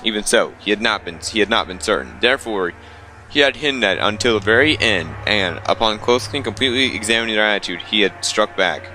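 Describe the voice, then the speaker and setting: A man's voice: on the low side, lively intonation, fairly quick, sharp tone, slight background noise. A young man reading a visual novel aloud, stumbling over lines and breaking off for wry asides. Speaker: let's player.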